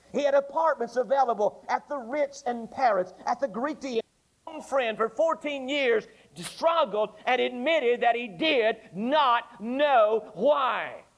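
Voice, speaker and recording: A man's voice: extremely high pitch, takes it slowly. A male Baptist preacher giving a Sunday morning sermon in a church, with a repetitive, rhythmic preaching cadence. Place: church sanctuary. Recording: dull lo-fi archive church tape.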